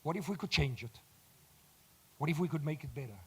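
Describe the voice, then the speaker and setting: A South African man with a slightly raised pitch and a croaky, worn voice, giving a motivational talk to a live audience. He speaks straight to the crowd and teases them. His voice swells loud when he drives a point home. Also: a little fast.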